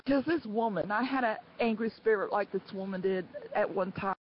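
A woman giving a personal testimony to her church, speaking earnestly and haltingly, with many restarts. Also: medium pitch, muffled recording, a little hiss or hum.

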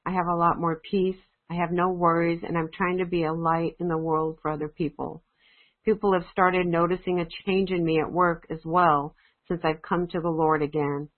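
A woman's voice: lowish voice, flat delivery, normal speed. Woman reading praises over a phone line. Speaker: prayer-call member reading praise reports. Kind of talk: reading praise reports aloud. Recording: tinny phone-line audio.

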